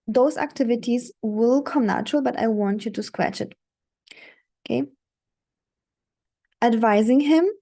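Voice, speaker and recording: A woman's voice: on the high side, warm tone. A woman dating coach talking straight to her viewers, instructive and repetitive, often checking in with "okay?". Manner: instructive, repeats "okay?" and "don't do it". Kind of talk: coaching monologue.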